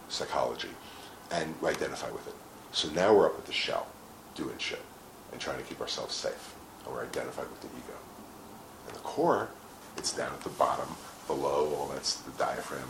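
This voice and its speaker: Male guest, very deep and gravelly, animated and swearing freely, echoey room. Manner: animated storyteller, acts out quotes, swears casually. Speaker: interview guest. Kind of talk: casual explanatory talk. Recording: echoey room with faint noise.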